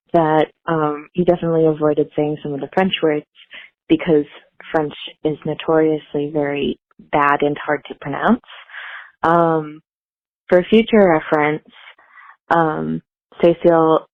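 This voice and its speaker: A woman's voice: deep voice, no echo. An American woman leaving a casual, hesitant voice message for a podcast, full of ums. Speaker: listener sending a voice message. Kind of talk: recorded voicemail. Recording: tinny dry phone-like recording.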